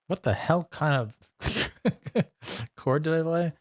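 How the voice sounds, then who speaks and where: This man has a fairly high, expressive voice and talks slowly. Streaming a songwriting session, he chats casually over his guitar playing, rambling, cutting himself off and laughing often.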